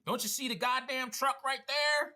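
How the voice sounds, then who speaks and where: An irritated husband scolding someone for meddling, acted out by a man telling a story. His voice is pushed up high and comes out bright and sharp. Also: fairly even intonation, normal speed, exaggerated voice. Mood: exasperated. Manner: exasperated, scolding. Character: irritated homeowner husband defending his repairman.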